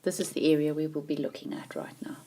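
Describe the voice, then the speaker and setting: A woman teaching grammar in a patient, explaining way, leaning hard on key words. Her voice sits a little low and sounds mellow and warm. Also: steady tone, fast talker, whispered. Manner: clear, patient explaining with emphatic stresses. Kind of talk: grammar lesson.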